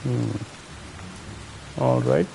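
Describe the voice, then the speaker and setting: A man's voice: medium pitch, fairly even intonation, very slow, creaky, dark tone, slight background noise, low-quality recording. A man from India with an Indian accent, giving casual commentary on his own gameplay, muttering to himself and chatting with viewers. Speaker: streamer.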